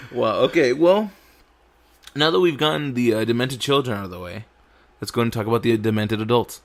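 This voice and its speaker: A man's voice: mid-range voice, brisk. A man hosting a casual podcast, rambling and swearing as he reads a news story aloud with his own asides. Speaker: podcast host.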